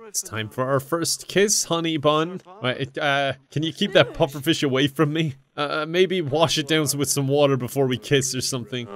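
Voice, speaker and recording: Brief: young male gaming commentator, slightly high voice, laughs a lot, swears freely, excitable and jokey. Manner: talks to game characters in silly mock voices. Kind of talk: casual gameplay commentary.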